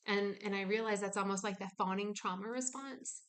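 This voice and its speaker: A woman's voice: medium pitch, fairly even intonation, fairly quick. A woman in her kitchen at home, talking candidly and reflectively in a personal vlog, acting out her inner dialogue.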